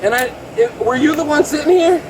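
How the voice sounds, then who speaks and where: This complainant, a man in his late thirties, talks fairly quickly in an extremely high voice as he tells a police officer a rambling, agitated story by a road. The body camera picks up background noise, and he keeps repeating "bro" in his excitement.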